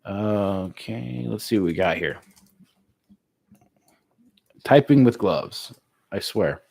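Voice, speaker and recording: An American man casually chatting with his live-stream viewers, relaxed and laughing easily, with plenty of filler words. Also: on the low side, slow, vocal fry, slightly rough, dry recording. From United States. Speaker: streamer reading live chat.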